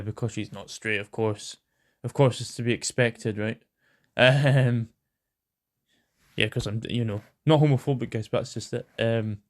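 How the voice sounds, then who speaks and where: A British man hosting a casual news rant. He rambles, swears a lot and fills his talk with ums and hesitations. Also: mid-range voice. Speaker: host.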